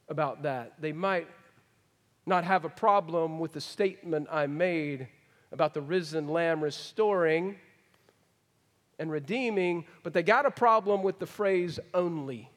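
A middle-aged man preaching a folksy sermon, swinging from emphatic to hushed. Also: on the high side, unhurried. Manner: folksy, rising to emphatic then dropping to hushed. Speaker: pastor. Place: large church hall. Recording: long hall reverb. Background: congregation.

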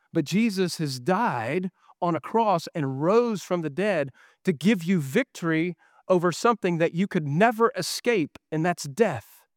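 A man's voice: on the high side, no echo, clean studio sound. A middle-aged man preaching a sermon as pastor, earnest and full of rhetorical questions.

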